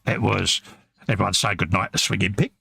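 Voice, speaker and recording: A man's voice: sits low, fairly even intonation, fairly quick, vocal fry, sharp tone, slightly rough, no echo. A man co-hosting a casual live stream, reading out viewer comments and greeting them by name. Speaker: co-host of a live modelling stream.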